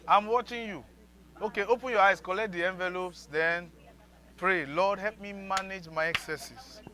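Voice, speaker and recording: A man's voice: high-pitched, moderate pace, bright, forceful tone, rough recording. A man preaching a sermon as pastor, leading the congregation in repeated prayer lines.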